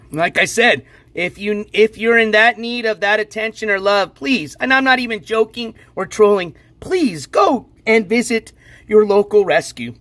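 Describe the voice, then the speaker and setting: A man's voice: high voice, lively intonation, a little slow, fairly bright tone, no room sound. A man hosting a casual live stream, chatting and commenting on a clip in a lightly exasperated way. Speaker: stream host.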